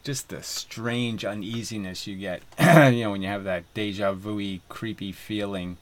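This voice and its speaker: A man's voice: lowish voice, measured pace. A man vlogging in a rambling, profane monologue full of fillers and laughing asides, recorded by a camera mic outdoors on a windy day by the water.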